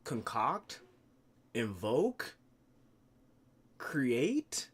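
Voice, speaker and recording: Brief: laid-back streamer, slow and playful, swears freely. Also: medium pitch, sing-song, husky. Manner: rambling, profane, playful. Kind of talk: casual live-stream chat.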